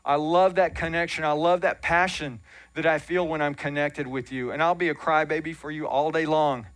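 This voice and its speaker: A man's voice: fairly high pitch, moderate pace, fairly bright tone, no room sound. A man preaching a sermon as pastor, talking in an earnest, conversational way with self-deprecating asides. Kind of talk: sermon teaching. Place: church sanctuary.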